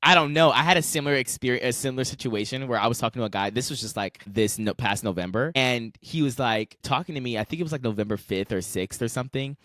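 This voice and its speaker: A young man co-hosting a podcast in casual chat, quick and opinionated, chiming in with reactions. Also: medium pitch, fairly bright tone, no echo, clean studio sound. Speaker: podcast co-host.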